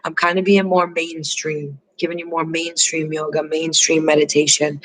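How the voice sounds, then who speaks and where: A man's voice: fairly high pitch, little pitch movement, normal speed, fairly bright tone, no echo, poor audio. A man who teaches yoga and meditation, giving an effusive, emotional, motivational sign-off on a live stream and repeating his thanks over and over.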